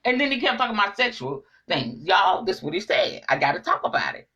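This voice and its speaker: Middle-aged woman preaching to her viewers, bright voice, super lively ups and downs, talks right at you. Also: medium pitch, fast. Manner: animated, preachy, speaks straight to the audience. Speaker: online inspirational speaker. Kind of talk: casual spiritual monologue to viewers.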